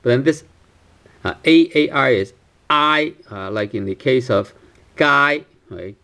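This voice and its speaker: A man's voice: medium pitch, slow pace, long pauses, bright, forceful tone. A male teacher walks through a pronunciation lesson, stopping often with fillers and checking in with "right?" He repeats each sound several times so learners can copy it. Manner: hesitant, many fillers and tag questions, repeats sounds for practice. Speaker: language teacher.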